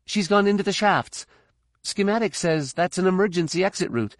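A woman's voice: lowish voice, moderate pace, no echo, studio quality, pitched above the performer's own voice, close to an everyday voice. A man voicing a tough young female Jedi, giving short urgent reports in an audiobook.

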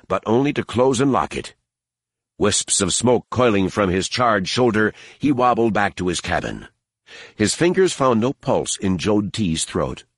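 A man narrating an audiobook in a steady, measured storytelling manner on a close mic. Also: deep voice, no echo. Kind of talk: scripted narration.

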